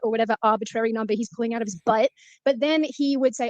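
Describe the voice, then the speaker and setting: Interview guest: Australian woman, quick and higher voice, dry sound. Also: a little mellow, dry recording. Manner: earnest, careful, clarifying. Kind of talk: casual interview talk.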